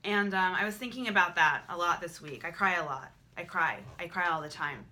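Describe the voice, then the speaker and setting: A woman's voice: fairly low pitch, a little fast, bright, forceful tone. A young woman talking candidly to camera in a vlog, emotional and repetitive, swearing freely. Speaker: vlogger.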